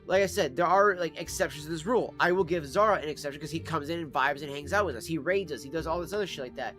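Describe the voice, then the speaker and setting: A man's voice: on the high side, quick pace, fairly bright tone. A man streaming live, ranting casually and profanely with exasperation. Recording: faint music behind.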